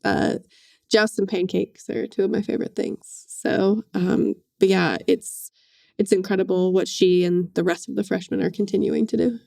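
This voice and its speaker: A woman sports reporter chatting on a podcast. She talks in a halting way, full of "um"s, and her pace speeds up and slows down. Her mid-pitched voice has a gravelly fry, and the close mic keeps it dry. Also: fairly even intonation, mellow, no echo. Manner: halting, many "um"s, uneven pace. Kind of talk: casual sports chat.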